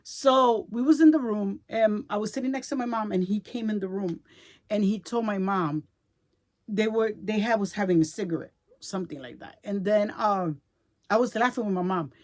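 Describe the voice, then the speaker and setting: A woman's voice: mid-range voice, moderate pace, darkish tone. Woman telling an emotional story, chatty. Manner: emotional, chatty, repeats herself, checks in with "right?". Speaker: vlogger. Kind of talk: casual storytelling to camera.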